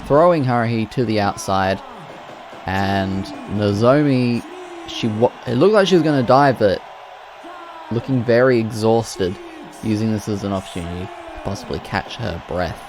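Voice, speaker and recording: Excitable man calling simulated wrestling. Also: fairly low pitch, normal speed, noisy background. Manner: excitable, bursts into loud exclamations. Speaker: wrestling commentator. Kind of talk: play-by-play commentary.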